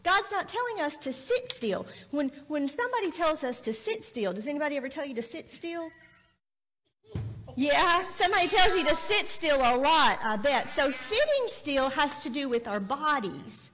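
A woman's voice: high voice, sing-song, moderate pace, a bit bright, a little hiss or hum. A woman in a church sanctuary giving a children's sermon, friendly and asking the children many questions. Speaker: children's minister.

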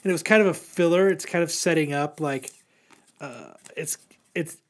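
A man with a slightly high voice talks through a comic story in loose, rambling podcast chat. He trips over his words, leans on fillers and swears freely. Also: normal speed. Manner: rambling, profane, many fillers. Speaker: podcast host. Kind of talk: casual comic book recap.

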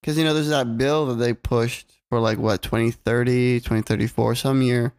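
A man's voice: medium pitch, steady tone, normal speed, darkish tone, smooth. A man co-hosting a casual podcast, laid-back and loose, with lots of fillers and free swearing. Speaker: podcast co-host. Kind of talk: casual chat. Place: California home recording.

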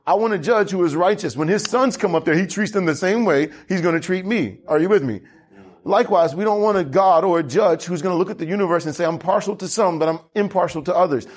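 Husky-voiced man preaching. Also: high voice. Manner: animated preaching with congregation call-and-response. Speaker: pastor. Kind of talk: sermon.

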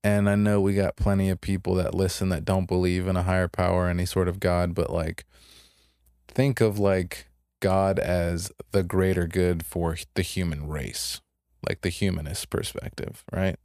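A man's voice: sits low, flat delivery, normal speed, darkish tone, clean tone, no echo, clean studio sound. A young man co-hosting a podcast, casually retelling a story and acting out the characters' lines in a laid-back way. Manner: laid-back, retells stories with put-on voices. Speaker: podcast co-host.

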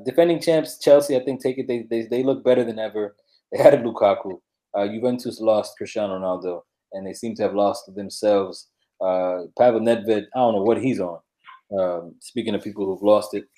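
A man co-hosting a sports podcast in casual chat, laid-back and quick to laugh, with many filler words. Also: fairly low pitch, dark tone. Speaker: podcast co-host.

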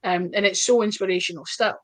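Scottish woman, interview guest: chatty storyteller, quick asides. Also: medium pitch, steady tone. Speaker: wrestler guest.

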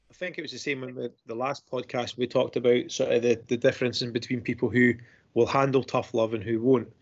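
Man, podcast co-host, casual chat, relaxed, tag questions, dull lo-fi sound. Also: mid-range voice, fairly quick.

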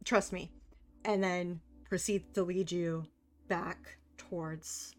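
Slow-talking woman running a tabletop game. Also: on the low side, faint music behind. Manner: relaxed, slow, chatty narration with frequent "like". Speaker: game master. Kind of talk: narrating a tabletop game on stream.

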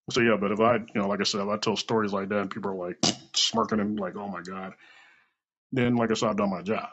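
A man telling a rambling, animated story late at night over a phone mic, swearing often and acting out the voices of people in it. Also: fairly low pitch, creaky, slightly rough, highs cut off. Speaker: storyteller on an audio app.

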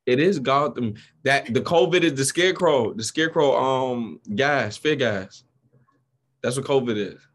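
A man with a New York accent talks casually in an average-pitched voice. He is blunt and profane, and he tells stories with animated emphasis. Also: unhurried. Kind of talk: casual chat.

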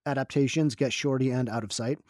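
A man's voice: mid-range voice, fairly even intonation, a little fast, a little mellow, no room sound, clean studio sound. Wry man chatting on a podcast. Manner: wry, joking. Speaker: podcast co-host. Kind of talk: casual chat.

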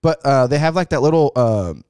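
A man's voice: medium pitch, brisk, clean tone, no room sound. A young man telling a story in casual chat, acting out the people in it with lots of swearing. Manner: animated, acts out quotes with swearing.

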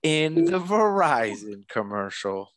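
A man's voice: on the high side, takes it slowly, no echo, studio quality. A man co-hosting a podcast in casual, chatty conversation. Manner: animated, chatty. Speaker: podcast co-host. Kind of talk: casual chat.

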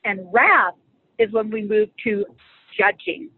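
Husky-voiced woman teaching on faith. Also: mid-range voice, slow pace, no room sound. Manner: animated and humorous, acts out quoted lines. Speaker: guest speaker on marriage and faith. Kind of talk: faith-based conversational teaching. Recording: phone-like dry audio.

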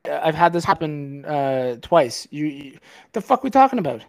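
A fired-up man with a slightly high voice vents on a filmed podcast, swearing freely and talking over his co-host. His delivery is casual and heated. He rants rather than speaks calmly. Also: normal speed, creaky. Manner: heated, profane, ranting. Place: podcast set filmed on camera.

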